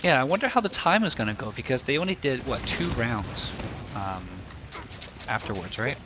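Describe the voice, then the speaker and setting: A man's voice: medium pitch, lively intonation, moderate pace, noisy background. A young man commentating a video game match in a casual, chatty way, thinking aloud and often restarting his sentences.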